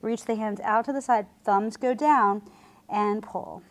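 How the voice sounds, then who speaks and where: A woman instructing a Pilates class, calmly cueing breaths while she demonstrates the moves. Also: mid-range voice, unhurried. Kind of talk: guided exercise instruction.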